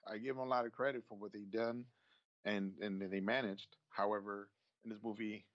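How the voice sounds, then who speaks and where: A man's voice: lowish voice, level tone, brisk, no echo, lo-fi sound. A man in casual chat about a movie he watched, often repeating words and restarting his sentences. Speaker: movie discussion co-host.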